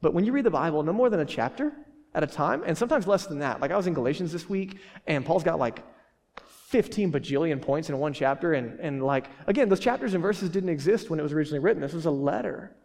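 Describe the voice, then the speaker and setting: A man preaches in a loose, joking way, circling back with fillers and quick restarts. His voice sits a little high for a man. The sound rings with the long echo of a church hall. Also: lively intonation, darkish tone. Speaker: pastor. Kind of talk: sermon.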